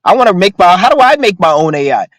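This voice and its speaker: A man's voice: sits high, very animated, fast talker, a bit bright, dry recording, poor audio. A man ranting to his viewers in a profane, rambling, emphatic monologue, reading out their comments now and then. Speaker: vlogger.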